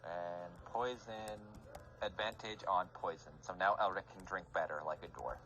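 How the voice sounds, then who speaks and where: A man's voice: low voice, steady tone, moderate pace, bright, forceful tone, a little hiss or hum. A man playing in a tabletop game, chatting casually and joking. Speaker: player. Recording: dull lo-fi mic.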